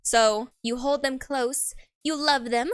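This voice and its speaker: High-voiced rambling young woman streamer. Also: fairly even intonation, slow, clean tone, no room sound, clean studio sound. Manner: rambling, playful, laughs often. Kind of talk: casual chat.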